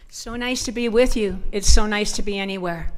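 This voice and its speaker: A woman's voice: medium pitch, moderate pace. A woman with a northern US accent, speaking at a church conference and telling personal stories in a chatty way, often laughing. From northern United States. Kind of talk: personal storytelling talk.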